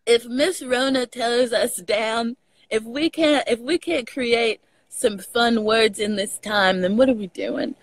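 A woman's voice: a little high, takes it slowly, no echo, rough recording. A woman with a Texas accent, chatting casually on a video call and telling stories with the odd swear word. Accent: Texan. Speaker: guest. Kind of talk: casual chat over a live video call.

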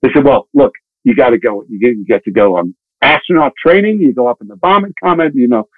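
A man tells his story at a rapid clip and jumps into lively quoted voices of the people in it. His voice is mid-pitched, and the sound is dry and narrow like a phone line, with no room around it. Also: no room sound. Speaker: actor telling stories. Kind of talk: casual anecdote in a podcast interview. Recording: tinny phone-like audio.

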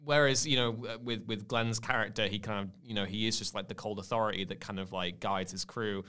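A man's voice: lowish voice, steady tone, brisk, pushed and bright. A man hosting a casual film podcast, talking enthusiastically and rambling with restarts and fillers. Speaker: podcast host.

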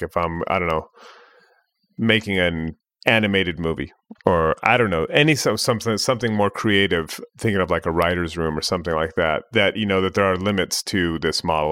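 A man's voice: deep voice, a bit bright, no room sound, studio quality. A man interviewing a guest, asking loose, rambling questions in a conversational way.

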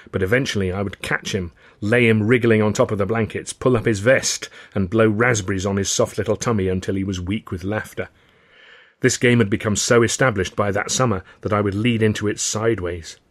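A man reading his own novel aloud in first person, with wry, measured storytelling. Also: fairly low pitch. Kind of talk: first-person audiobook narration.

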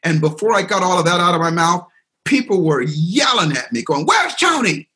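A middle-aged man, a seminar speaker and coach, telling an animated story as a guest in a podcast interview. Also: fairly high pitch, fairly quick. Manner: animated storyteller, acts out quoted voices.

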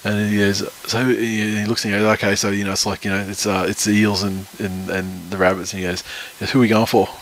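A man's voice: fairly low pitch, flat delivery, fast, few pauses, slight background noise. A man in his thirties, co-hosting a casual sports podcast, rambling and swearing freely. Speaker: podcast co-host.

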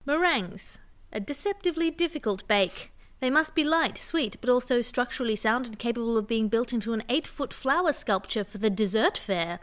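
Woman doing silly fake news in a straight newsreader voice, kinda high. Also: expressive, brisk. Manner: mock-serious newsreader delivery. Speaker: podcast host reading comic news. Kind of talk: deadpan comic news reading.

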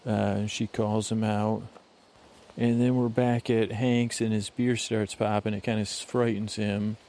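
A man with a gravelly, fry-laced voice drifts through a rambling bedtime podcast recap. He keeps his pitch even and flat and wanders off on tangents, often restarting his sentences. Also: unhurried. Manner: meandering, digressive, with many fillers and restarts. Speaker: podcast host.

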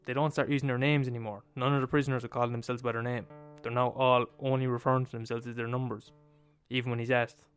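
A man's voice: mid-range voice, little pitch movement, fast, clear, resonant tone, faint music behind. A man with an Irish accent retelling a story in a casual, profane, repetitive, conversational way.

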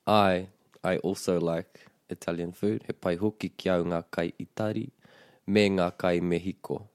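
Low-voiced New man teaching phrases. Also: moderate pace, smooth, no room sound, studio quality. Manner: explains phrases, models them with expressive intonation. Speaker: te reo Māori teacher. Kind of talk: conversational language lesson.

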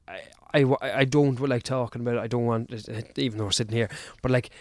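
A man's voice: mid-range voice, fairly even intonation, quick pace. A man, a guest on a casual podcast, talking in a hesitant, self-deprecating way and often repeating himself. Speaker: podcast guest, endurance athlete.

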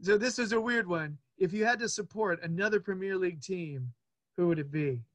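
A man in his forties hosting a casual interview, playful and chatty, with quick asides. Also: high voice, a bit bright. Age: 40s. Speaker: podcast host.

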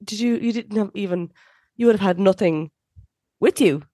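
A woman's voice: medium pitch, normal speed, warm tone, no room sound. A woman interviewing a guest, asking questions in a hesitant way that restarts mid-sentence.

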